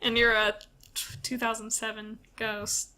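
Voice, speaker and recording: A woman's voice: on the high side, level tone, measured pace, sharp tone. A young adult woman co-hosting a podcast, chatting casually, swearing often and laughing a lot. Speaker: podcast co-host. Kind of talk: casual chat.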